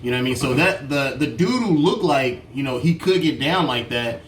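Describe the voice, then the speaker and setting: A man's voice: medium pitch, expressive, fairly quick, roomy sound, a little hiss or hum. A man chatting casually and emphatically, repeating points for effect. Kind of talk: casual story time chat.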